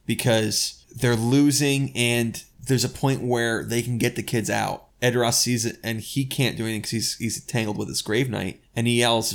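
A man's voice: on the low side, little pitch movement, moderate pace, gravelly, few pauses. A man co-hosting a podcast, talking about a book in a rambling, enthusiastic way and often restarting his sentences. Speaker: podcast co-host reviewing a book. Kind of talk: casual discussion.

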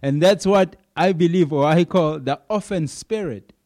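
A man's voice: on the high side, normal speed, darkish tone. A man preaching a sermon in an earnest way, repeating key phrases for emphasis, with some fillers.

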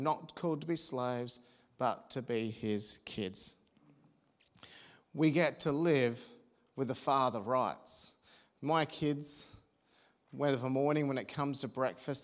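A man with a slightly high voice preaches a sermon in an earnest, personal way. He keeps it homely, trips into small restarts and asides, then presses his point again.

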